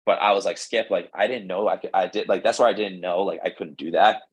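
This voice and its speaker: Young man with a low husky voice. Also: quick pace, low-quality recording. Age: young adult. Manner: rambling, filler-heavy, animated retelling with quoted dialogue. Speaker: pro baseball pitcher, guest. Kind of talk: casual storytelling interview.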